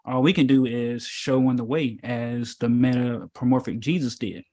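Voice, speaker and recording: A man's voice: medium pitch, normal speed, mellow. Casual preachy man, rambling and emphatic. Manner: emphatic, rambling, with many fillers and rhetorical questions. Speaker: spiritual teacher in an informal meetup.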